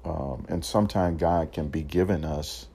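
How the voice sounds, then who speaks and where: A man's voice: very deep voice, normal speed, creaky, warm tone, slightly rough. A man giving a casual, encouraging talk, rambling with many fillers and restarts. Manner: encouraging, motivational. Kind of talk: casual reflective monologue.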